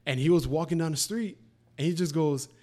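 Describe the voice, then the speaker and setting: Speaking fairly quickly in a slightly high voice, a twenty-something man chats casually. His storytelling is profane and lively, and he acts out what people said.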